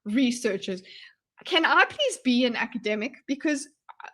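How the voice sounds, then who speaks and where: A woman streamer reacting live to a video, rambling and excitable, breaking into loud yelps to her chat. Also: on the high side, normal speed, slight background noise. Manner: excitable, rambling, bursts into yelling.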